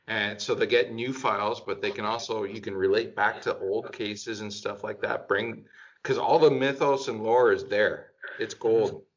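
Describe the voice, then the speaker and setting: A man talking in a relaxed group chat, thinking out loud with plenty of "um" and "like". He gets enthusiastic as he goes. The sound is dull and lo-fi. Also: on the low side, normal speed. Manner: enthusiastic, rambling with fillers. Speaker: podcast panelist.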